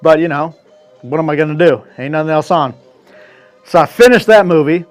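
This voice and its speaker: A man with a slightly high voice tells a long story alone on his podcast. He swears constantly and keeps the telling loose and animated. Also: brisk, faint music behind. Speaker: podcast host. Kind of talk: casual solo storytelling.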